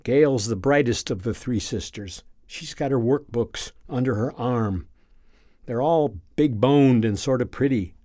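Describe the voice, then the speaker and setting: A man reading a first-person story aloud in a calm, measured, reflective way. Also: mid-range voice, no room sound, studio quality. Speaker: narrator.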